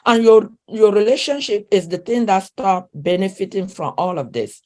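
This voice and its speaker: A relationship coach, a middle-aged woman with a non-native accent in English, is being interviewed. She speaks animatedly at a moderate pace in a medium-pitched, dark voice, emphatic and earnest, repeating herself while hunting for the right words.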